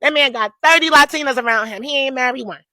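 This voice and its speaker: A woman's voice: high voice, fast talker, bright, forceful tone, no room sound. A woman giving a blunt, slangy opinion rant to camera.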